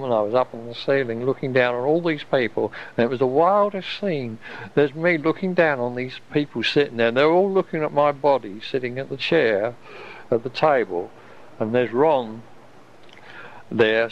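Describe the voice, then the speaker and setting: A man, telling a personal story in a rambling, wondering way, often restarting his sentences. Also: medium pitch. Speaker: storyteller recalling an experience. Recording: dull lo-fi recording.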